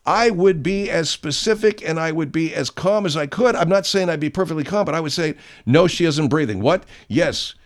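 A man hosting his own show, telling a story in a profane, digressive, animated way. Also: on the high side, fairly quick, hardly any pauses. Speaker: host. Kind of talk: casual show monologue.

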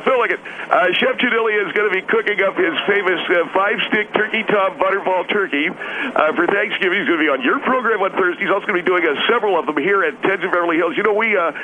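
A man voicing a blunt, irritable male restaurant owner who talks fast and swears, in a radio comedy sketch. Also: high-pitched, narrow, tinny audio, noisy background, natural voice. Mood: brash.

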